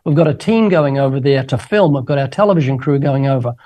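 A man's voice: mid-range voice, expressive, mellow. An older man, a guest evangelist in a radio interview, talking with eager, jokey enthusiasm. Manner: enthusiastic, jokey, quick talker.

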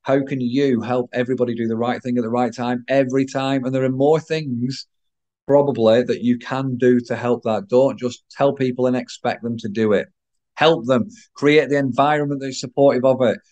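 A man with a croaky voice talking to listeners as a business coach, earnest and repetitive. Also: medium pitch, fairly even intonation, moderate pace, a little mellow. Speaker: podcast host, business coach. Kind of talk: solo talk to listeners.

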